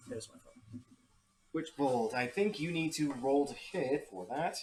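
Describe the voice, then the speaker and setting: A man of ordinary pitch serves as game master for a tabletop session, speaking in a calm, descriptive way. Music plays behind him as he lays out the scene. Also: unhurried.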